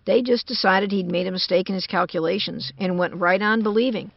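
A gruff, sardonic man from the American South answers dryly, as a woman narrator puts him on. The storybook recording sounds dull and close, with no room around it. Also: medium pitch, fairly quick, no room sound. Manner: dry, growling, sardonic.

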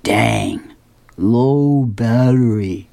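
A woman voicing a grumpy cartoon sea creature in a slow drawl. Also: very deep voice, mellow, no echo, exaggerated voice. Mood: grumbling.

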